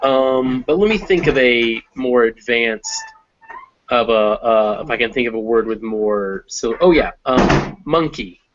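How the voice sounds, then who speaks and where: Male English teacher, mid pitch, explains slowly with thinking pauses; slightly dull recording. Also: expressive, a little hiss or hum. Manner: explains step by step, pausing to think with many ums. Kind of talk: conversational language lesson.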